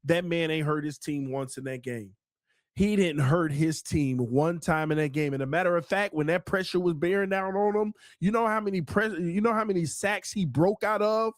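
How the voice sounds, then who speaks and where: A man's voice: on the high side, moderate pace, no echo, clean studio sound. A man on a sports panel talking football in a brash, slangy way. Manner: brash trash talk, slangy. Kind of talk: heated sports debate.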